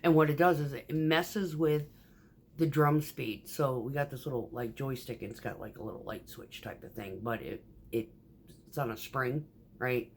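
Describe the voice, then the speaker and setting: A woman who drives a concrete mixer truck, telling profane, animated stories about her workday in a casual vlog. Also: rumbling low, moderate pace, a little hiss or hum. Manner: profane, animated, acts out quoted voices.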